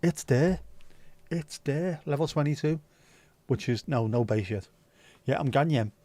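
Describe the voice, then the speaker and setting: With a fairly high but dark-toned voice, a man hosts a casual livestream at an unhurried pace. He rambles, swears, and reads out viewer comments, and the recording is dry.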